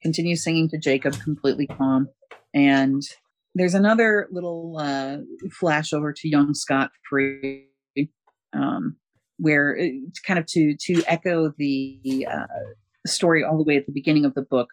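A man's voice: on the high side, fairly even intonation, measured pace. A man casually recapping a story, rambling with many fillers and chuckles. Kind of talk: casual comic book recap.

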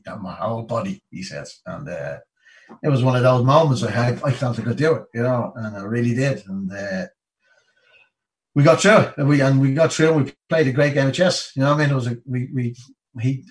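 Poor audio from a distant mic captures a middle-aged man from Ireland with a mid-range voice. A retired Olympic boxer, he is the guest in a casual storytelling interview, rambling and filling it with "you know what I mean."

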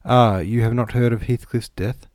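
A man reading an audiobook, voicing a brisk, motherly older housekeeper woman who bustles about. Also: medium pitch, fairly even intonation, a little mellow, no echo, clean studio sound, pitched above the performer's own voice, lightly acted.

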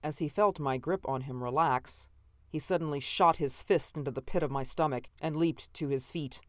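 A narrator reading a first-person science fiction story in a measured, dramatic way. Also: mid-range voice, dry recording, clean studio sound. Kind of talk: scripted audiobook narration.

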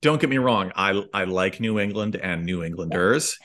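Low-voiced articulate podcast host. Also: male voice, expressive, normal speed, fairly bright tone. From American Midwest. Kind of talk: casual chat.

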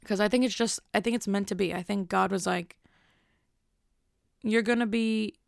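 A woman's voice: mid-range voice, steady tone, quick pace, gravelly, dry recording, clean studio sound. A woman in her twenties telling a rambling, self-deprecating story in a casual monologue. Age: 20s. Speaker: vlogger.

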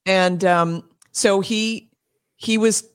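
A woman speaking as an interview guest and homeschool advocate, emphatic and quick, with frequent laughs and restarts. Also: medium pitch, steady tone, clear, resonant tone. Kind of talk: passionate interview talk.

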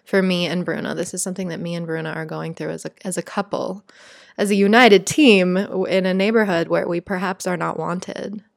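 Speaking fairly quickly in a lowish voice with vocal fry and a steady tone, a woman offers an earnest, emotional spiritual reflection. She's chatty and heartfelt, saying "like" often, and the recording is dry with clean studio sound.

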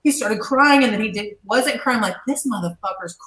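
A woman's voice: fairly high pitch, normal speed. A woman guest in an interview, telling her stories bluntly and with lots of swearing. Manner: blunt, profane, animated storyteller. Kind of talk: casual storytelling interview. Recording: echoey room.

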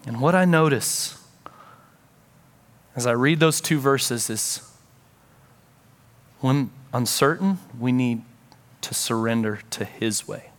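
A man's voice: medium pitch, slow, long pauses. A man pastor delivering a sermon, telling a story with earnest feeling and acting out prayers and conversations.

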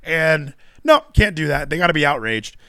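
A man's voice: fairly high pitch, sing-song, normal speed, vocal fry, fairly bright tone, no room sound. A man co-hosting a casual podcast, ranting with sarcasm and mock quotes. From Texas. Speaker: co-host.

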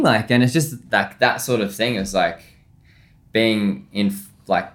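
Laid-back man, deep voice. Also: slow. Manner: laid-back, rambling, lots of "like", laughs often. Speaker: chef, podcast guest. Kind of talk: casual interview chat.

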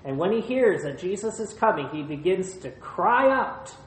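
A pastor preaching a sermon in short, measured phrases, retelling a scripture passage. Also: mid-range voice, sing-song. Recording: roomy echo.

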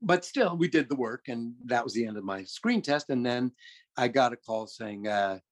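Husky older man telling a story. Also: mid-range voice, animated, moderate pace. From California, USA. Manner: rambling, self-correcting, chatty. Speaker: storyteller recounting his career. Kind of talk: anecdotal storytelling.

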